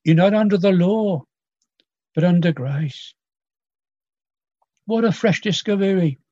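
A man preaching a sermon, slow and earnest, quoting old scripture with pauses and appeals to his hearers. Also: high voice, dark tone, no room sound. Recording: dull lo-fi dry sound.

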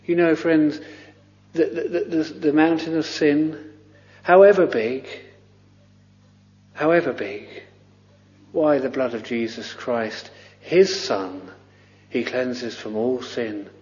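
A man's voice: mid-range voice, fairly even intonation, slow, darkish tone. A man preaching a sermon with fervent cries of "oh" and many repeated words. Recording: lo-fi recording with long reverb.

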